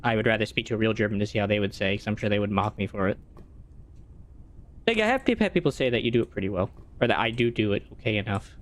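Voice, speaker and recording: Low-voiced male streamer chatting casually. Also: expressive, fast. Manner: rambling, answers chat, thinks aloud. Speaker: gaming streamer. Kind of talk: casual live-stream chat while playing.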